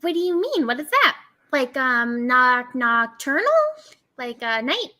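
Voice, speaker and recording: A woman playing an eager, clumsy young woman who gushes with excitement. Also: high-pitched, measured pace, heavily acted. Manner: excitable, gushing.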